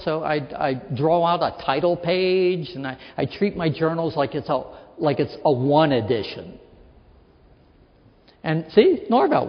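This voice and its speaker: A man from Western Pennsylvania giving a lecture as an author, telling humorous anecdotes and acting out the people in them. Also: fairly high pitch. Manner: anecdotal, acts out quoted people in his stories. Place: lecture hall. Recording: reverberant hall, dull lo-fi sound.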